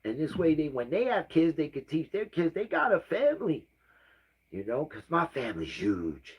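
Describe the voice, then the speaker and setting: A middle-aged man hosting a casual livestream. He talks in a rambling, heartfelt way and sometimes drops into soft asides. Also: fairly high pitch, very animated, moderate pace, husky. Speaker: livestream host.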